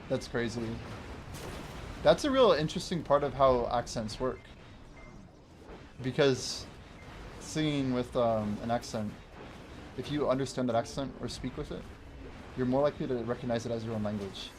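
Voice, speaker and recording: A man's voice: medium pitch, moderate pace, long pauses, slight background noise. Chatty man streaming a game. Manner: chatty, reads and answers viewer chat, laughs often. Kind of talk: casual livestream chat while playing. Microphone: wears headphones while streaming.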